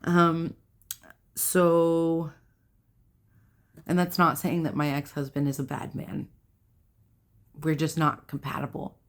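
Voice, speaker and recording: Slow, low-pitched woman talking casually. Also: flat delivery. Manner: rambling, conversational, many fillers and self-corrections. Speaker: self-help video host. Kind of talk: casual talk to camera.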